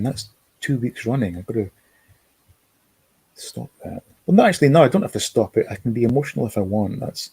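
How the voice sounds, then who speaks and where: Man, livestream host, mellow dark voice, husky, dry close sound. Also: fairly low pitch, no echo. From Scotland. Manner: rambling, reads out chat comments and reminisces. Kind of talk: casual livestream chat. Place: home, lives in America.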